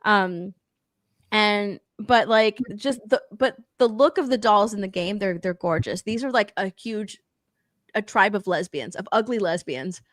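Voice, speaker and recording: A woman co-hosting a casual pop culture podcast, ranting about TV shows in an animated way, swearing freely and laughing as she talks. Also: medium pitch, a little slow, no room sound, clean studio sound. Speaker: podcast co-host.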